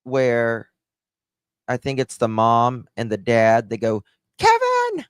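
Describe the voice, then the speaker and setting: A man's voice: medium pitch, little pitch movement, slow, clear, resonant tone, dry recording, studio quality. A middle-aged man giving casual true-crime commentary to a live chat, blunt and sarcastic, brushing off claims he finds weak.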